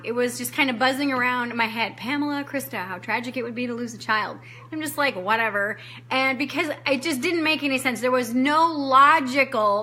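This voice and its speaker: A woman's voice: high-pitched, bright, forceful tone. A woman coach telling a personal story in a training, candid and emotional, acting out her own past words and swearing casually. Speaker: life coach giving a training.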